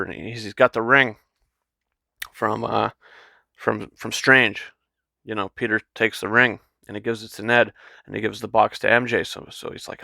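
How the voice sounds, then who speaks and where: A man talks through a film review in an eager, rambling way, stumbling over his words and acting out lines from the film. His voice is bright and gravelly, and the sound is dry and close, with no room around it. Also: lowish voice, normal speed, no room sound. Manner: excited, rambling, many restarts and quoted paraphrases. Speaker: movie reviewer. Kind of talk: casual spoiler review monologue.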